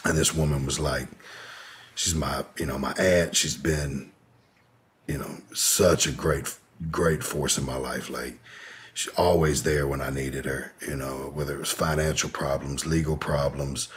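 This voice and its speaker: A man's voice: rumbling low, fairly even intonation, unhurried, husky. A man telling a personal story in an interview, in a laid-back, rambling way, with lots of "you know". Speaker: podcast guest.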